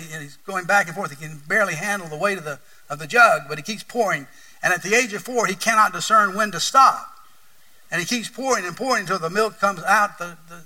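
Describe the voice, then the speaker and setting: A preacher with an East Tennessee accent delivers an earnest sermon, his volume swelling and falling. His voice is very bright and a touch high. He sounds set back from the microphone in a church room. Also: recorded from a distance, poor audio. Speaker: pastor.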